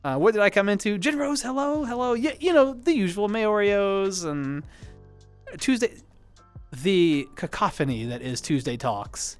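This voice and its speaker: A man's voice: high-pitched, expressive, clear, resonant tone, soft background music. A man hosting a casual livestream, answering chat in a rambling way, often correcting himself and apologizing. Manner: rambling, self-correcting, quick to apologize and laugh.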